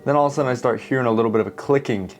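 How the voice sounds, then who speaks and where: A man's voice: medium pitch, very fast, soft background music. A young man, an art teacher, telling a heartfelt personal story straight to his viewers while he draws. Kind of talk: earnest storytelling while drawing.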